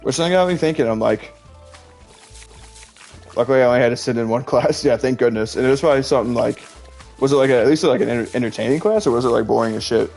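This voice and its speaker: A gaming streamer from Illinois, a young man in his twenties, chats casually as he plays, rambling, saying "like" constantly, and laughing often. His medium-pitched voice is fast, gravelly, and a bit mellow, with faint game music in the background.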